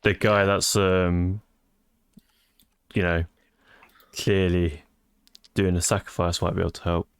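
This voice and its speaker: A man's voice: low voice, little pitch movement, slow, pauses often, smooth, no room sound, clean studio sound. A man playing a tabletop game who makes wry remarks. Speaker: player. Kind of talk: casual tabletop play.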